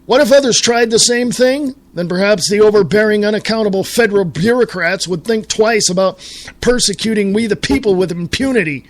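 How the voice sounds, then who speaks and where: A man's voice: high-pitched, brisk. A middle-aged man from the United States hosting a talk radio show, reading quotes aloud and ranting with profanity. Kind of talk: angry political commentary.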